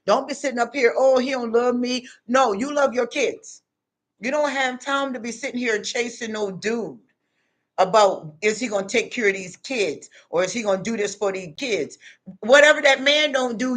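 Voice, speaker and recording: A middle-aged vlogger with a medium-pitched, slightly bright voice gives life advice in a casual monologue. She speaks straight to her viewers, blunt and plain-spoken, using street slang.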